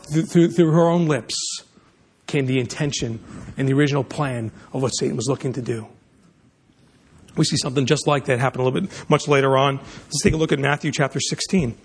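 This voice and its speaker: A man's voice: a little high, brisk, breathy edge. A man preaching a sermon, emphatic, often restarting and repeating words mid-sentence.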